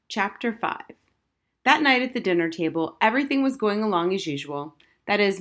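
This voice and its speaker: A woman's voice: medium pitch, a bit bright. A woman narrating a children's novel as an audiobook reading.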